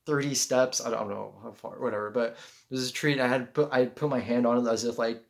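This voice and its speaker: A young man tells a personal story in a loose, rambling vlog monologue. He swears freely and keeps restarting his sentences around fillers. His voice sits at an ordinary middle pitch. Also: steady tone, fairly quick, gravelly. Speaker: vlogger telling a personal story.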